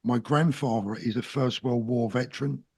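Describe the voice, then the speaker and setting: A man's voice: medium pitch, steady tone, moderate pace, gravelly, darkish tone, husky. A middle-aged man with a South London accent, a guest talking in an interview in an earnest, plain-spoken and emphatic way. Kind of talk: casual interview talk.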